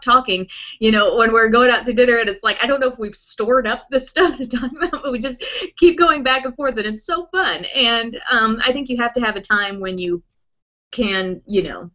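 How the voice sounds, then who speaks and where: A woman beauty vlogger chats loosely through viewer questions on a live stream. She rambles along with plenty of fillers, and her voice is bright and a little sharp. The stream audio is dull and lo-fi. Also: a little high. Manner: chatty, rambling, with many fillers like "um" and "like". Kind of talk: casual chat answering viewer questions.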